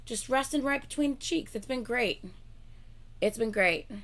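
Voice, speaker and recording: Here a young livestream co-host chats loosely and rambles, scattering "like" through her speech and laughing in between lines. Her voice is on the high side and fairly bright, with lively intonation at a moderate pace.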